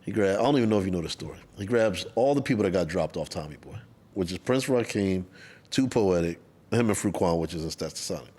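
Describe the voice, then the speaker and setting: A man with a very low voice hosts a casual interview. He chimes in to finish his guest's sentences and tells stories of his own. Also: expressive, fast talker, mellow. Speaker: podcast host.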